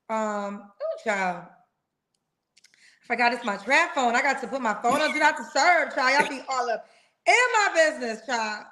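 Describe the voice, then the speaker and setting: A high-pitched woman hosts a live dating stream, chatty and playful, calling guests "girl" and "child". She talks over a video call with the loose rhythm of casual conversation. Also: normal speed, fairly bright tone. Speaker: host of a live singles dating show.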